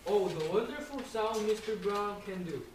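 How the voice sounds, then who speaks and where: A high school student reading a picture book aloud to young children, slow and careful, with sound effects. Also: lively intonation. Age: teens. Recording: echoey, distant, noisy.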